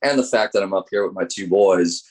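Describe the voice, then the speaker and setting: Middle-aged American man, low-pitched coach, animated anecdotes with acted-out quotes. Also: a little fast, husky. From United States. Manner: animated storyteller acting out quoted dialogue. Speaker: college baseball assistant coach. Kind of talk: interview storytelling.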